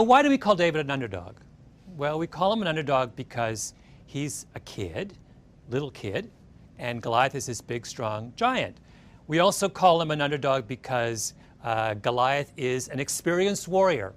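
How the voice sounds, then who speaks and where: A man giving a storytelling lecture, animated and often checking in with the audience with a quick "right?". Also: medium pitch. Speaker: speaker giving a talk.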